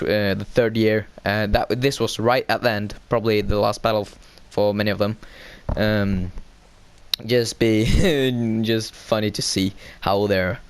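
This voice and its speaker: A man casually recapping a show episode. He hesitates a lot, fills pauses with "uh" and "um", corrects himself, and gets excitable as he retells the scenes. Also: fairly low pitch, clean tone, dry recording. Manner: hesitant, heavy fillers and self-corrections.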